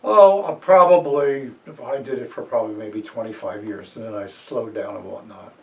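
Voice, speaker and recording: Older man in his 80s, gravelly, rambling storyteller, set back from the mic. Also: mid-range voice, moderate pace, darkish tone, distant mic, a little hiss or hum. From New Jersey, USA. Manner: rambling storyteller, fillers and chuckles. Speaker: interviewee. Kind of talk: reminiscing interview.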